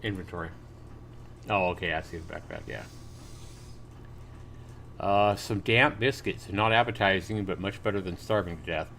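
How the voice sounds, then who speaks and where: A man with a fairly low voice, commentating on a game he is playing live. He reads the on-screen text aloud and throws in casual exclamations and remarks to his viewers. A faint hiss of background noise sits under his voice. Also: moderate pace, gravelly, long pauses, fairly bright tone.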